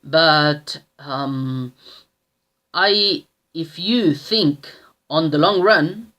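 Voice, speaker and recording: Slow, halting man in his thirties. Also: on the high side, sharp tone. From Australia. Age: 30s. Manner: slow and halting, with many restarts and tag questions. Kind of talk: casual personal storytelling.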